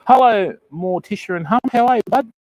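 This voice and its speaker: An Australian man with a slightly high voice runs a relaxed fishing live stream from a beach in the dark. He greets viewers one by one and calls them mate and bud, in an easy, friendly way. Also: fairly quick, no echo, poor audio. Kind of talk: casual live stream chat. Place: remote beach at night, outdoors.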